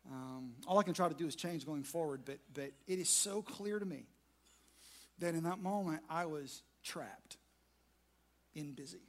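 A man, preaching a sermon to a large room through a self-mocking personal story. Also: on the high side. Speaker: pastor.

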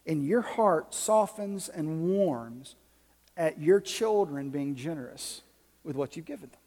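High-voiced pastor preaching in a reverberant hall. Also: male voice, lively intonation, unhurried, a little mellow. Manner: storytelling, building to impassioned preaching. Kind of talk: sermon.

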